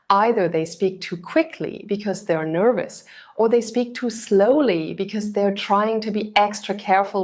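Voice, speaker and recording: A woman tutor narrating a scripted test-prep lesson in an even, instructional way. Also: medium pitch. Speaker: TOEFL tutor.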